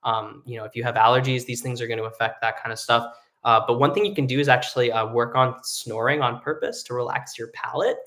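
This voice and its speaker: A man's voice: medium pitch, quick pace, hardly any pauses, pushed and bright. A young adult man teaching a live online singing lesson, explaining casually with lots of fillers and sung vocal demonstrations.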